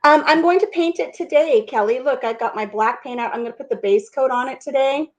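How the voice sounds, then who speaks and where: A woman's voice: high voice, brisk. Rambling middle-aged woman chatting on a live stream. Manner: rambling, goes off on tangents. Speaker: livestream host. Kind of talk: casual chat. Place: at home, painting a rock over coffee.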